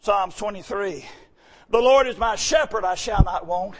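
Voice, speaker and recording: A middle-aged male pastor, preaching a sermon in a shouting cadence that drops to quiet storytelling. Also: sits high, normal speed.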